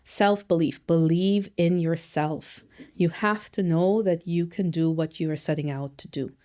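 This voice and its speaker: A woman therapist and social worker giving an educational talk, emphatic and lively, asking rhetorical questions and acting out quotes. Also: lowish voice, a little slow. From Canada.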